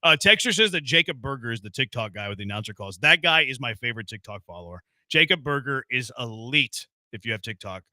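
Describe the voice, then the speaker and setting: Animated, bright-voiced male radio host. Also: medium pitch, fast, few pauses, no echo. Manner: playful, jokey banter. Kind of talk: casual sports talk. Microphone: studio microphone.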